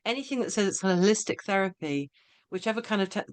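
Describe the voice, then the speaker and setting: A woman's voice: mid-range voice, animated, fast talker, dry recording. A woman hosting a podcast interview, agreeable and hesitant, with many fillers and restarts. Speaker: podcast host.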